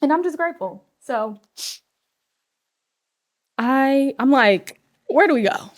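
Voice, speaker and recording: A woman's voice: high voice, lively intonation, takes it slowly. A young adult woman hosting a casual faith podcast, effusive and emotional, sometimes dropping to a whisper. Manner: emotional, effusive, drops to whispers when moved. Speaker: podcast host.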